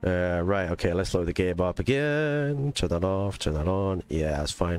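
A rambling, chatty man with a mixed English and Scottish accent hosts a live gaming stream, his voice sitting low. He talks straight to his chat with plenty of ums and asides. Faint music plays underneath. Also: sing-song, moderate pace, few pauses.

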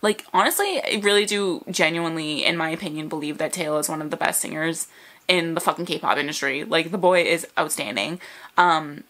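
A woman hosting a music video reaction vlog, gushing and emotional in an excitable, fangirling way over faint music. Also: low-pitched, fairly quick.

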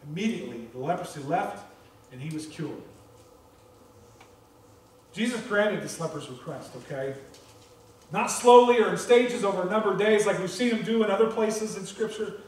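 A male American pastor delivers a sermon in a high, lively voice, often repeating words as he presses a point. He stands well back from the microphone. The sanctuary around him rings with heavy echo. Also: a little fast, slight background noise. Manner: animated, repeats words when stressing a point. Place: church sanctuary. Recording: very echoey church, voice distant from the mic.

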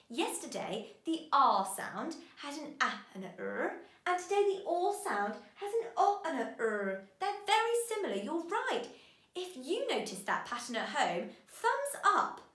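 A woman teaching a children's phonics lesson, giving bright, sing-song encouragement to young learners. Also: sits high, very animated, normal speed, echoey room.

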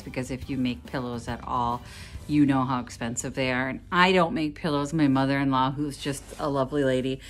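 A woman's voice: rumbling low, fairly bright tone. A middle-aged woman from Minnesota, chatting in a rambling way on her own vlog and laughing often. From Minnesota, USA. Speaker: vlogger. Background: background music.

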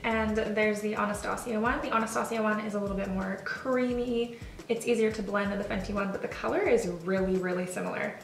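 Casual beauty vlogger woman, talkative and self-mocking; recorded a bit off-mic in a roomy space with soft music under her. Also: medium pitch, gravelly, distant mic. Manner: chatty and self-deprecating. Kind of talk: casual makeup tutorial.

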